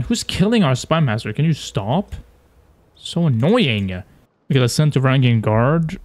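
A young man casually commentating his strategy game, animated and taunting, swearing as he plays. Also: mid-range voice. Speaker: gaming YouTuber.

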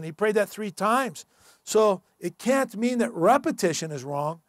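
A man's voice: high-pitched, expressive, unhurried, no echo, studio quality. A man pastor preaching a sermon in church, earnest and emphatic in a conversational way.

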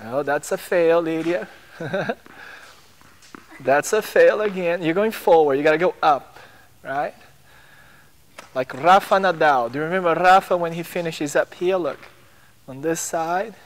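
A man's voice: on the high side, a little slow, long pauses. A man coaching young players on a tennis court, encouraging them with short drill commands.

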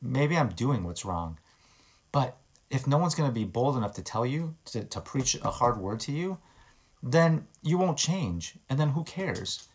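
A man preaches in a loose, conversational way. He is earnest and repeats phrases and restarts words as he talks. His voice sits at an ordinary middle pitch. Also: big pitch swings, measured pace, husky. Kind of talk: informal sermon.

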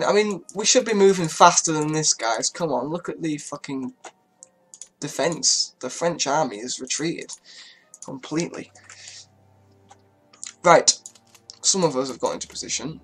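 A man giving casual, chatty commentary on a strategy game, swearing freely and talking to his units as he moves them. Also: a little high. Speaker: gaming YouTuber.

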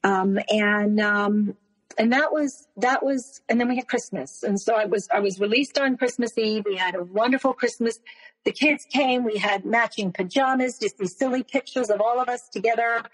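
Woman guest, breathy voice, halting emotional retelling, long reverb on the recording. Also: a little high. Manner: halting, with many restarts and repeated words. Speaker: interview guest. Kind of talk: emotional personal storytelling.

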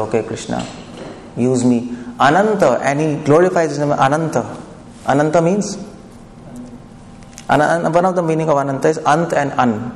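A male preacher gives a devotional lecture in a chatty, conversational way, often asking the audience questions. His voice is medium in pitch and darkish, recorded in an echoey hall with faint background noise.

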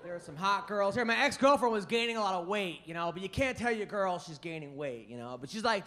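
Comic guy with a pretty high voice doing quick one-liners, crowd murmur and faint noise behind. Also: expressive, pushed and bright. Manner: punchy one-liner delivery. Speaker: stand-up comedian. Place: comedy club stage.

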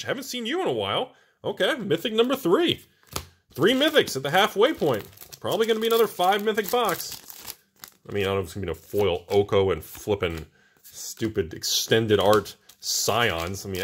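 Man hosting a card-opening video, excitable and joking, lively swooping pitch, lowish voice. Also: a little hiss or hum. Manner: excitable, exclaiming, jokey. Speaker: host. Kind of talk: casual card pack-opening commentary.

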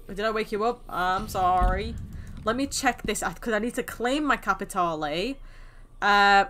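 This is a gaming YouTuber, a young woman, joking at her own expense while she plays. Her voice is mid-range and a bit bright, with a little hiss or hum on the recording and game sounds and hooves layered over her.

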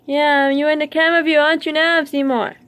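A woman chatting casually in a vlog about her pet fish, excitable and playfully scolding them as she talks. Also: sits high, brisk.

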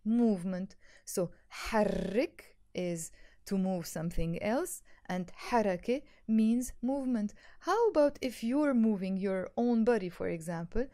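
A woman teaches a language lesson in a warm, mellow voice. She explains patiently and slows down to repeat words for her learners. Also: medium pitch. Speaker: Arabic teacher.

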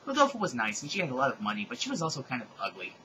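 A man reads fan fiction aloud for comedy, breaking off for sardonic, exasperated asides. His bright voice moves animatedly up and down. A faint hiss runs underneath. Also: mid-range voice, wildly swooping pitch, very fast, low-quality recording. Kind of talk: comedic dramatic reading with asides.

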